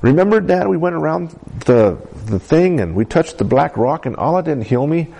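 A man's voice: normal speed, vocal fry, husky, heavily acted. A man voicing an overjoyed young woman. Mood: elated. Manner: excited, high-pitched exclaiming. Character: young woman, overjoyed after being healed.

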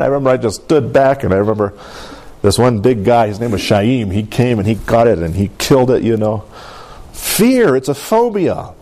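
A man's voice: mid-range voice, very animated, brisk, a little mellow. A man preaching a sermon, telling personal stories and building to emphatic, rising exhortations. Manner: storytelling, emphatic with rising intensity.

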